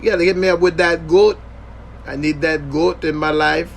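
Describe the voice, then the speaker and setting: Gravelly joking podcast host, man. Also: fairly high pitch, fairly even intonation, moderate pace, a little hiss or hum. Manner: joking, slangy, thanks viewers. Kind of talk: casual livestream chat.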